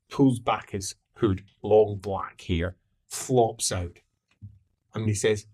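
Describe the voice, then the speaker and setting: A man narrating a tabletop game as game master, in an animated, playful way. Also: lowish voice, takes it slowly.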